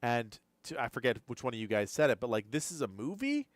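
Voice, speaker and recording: A man's voice: mid-range voice, big pitch swings, brisk, hardly any pauses, no echo, clean studio sound. A man hosting a live gaming news stream, rambling and repeating himself as he thinks aloud, drowsy and yawning. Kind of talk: live-stream reaction commentary.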